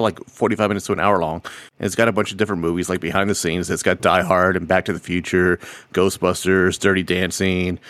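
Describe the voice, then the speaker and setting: A man's voice: low voice, fairly bright tone, no room sound. A man co-hosting a podcast, chatting casually and telling a rambling anecdote. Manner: rambling storyteller, acts out quoted friends. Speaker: podcast co-host. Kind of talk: casual chat.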